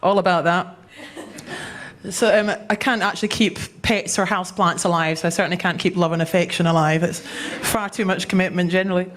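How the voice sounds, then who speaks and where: A woman's voice: on the low side, fairly even intonation, fairly quick. A woman doing a stand-up set, dry and self-deprecating. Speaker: stand-up comedian.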